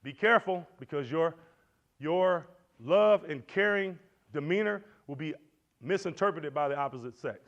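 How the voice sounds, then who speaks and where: Animated man preaching to students. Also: a little high, moderate pace. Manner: animated, preacherly, swings loud and soft with asides. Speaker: conference speaker. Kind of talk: motivational church teaching. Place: lecture hall. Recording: dull lo-fi recording.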